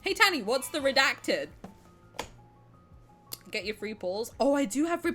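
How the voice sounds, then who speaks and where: A young woman live-streaming a game and chatting with viewers, excitable and dramatic, swearing and laughing between outbursts. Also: high voice, measured pace, faint music behind.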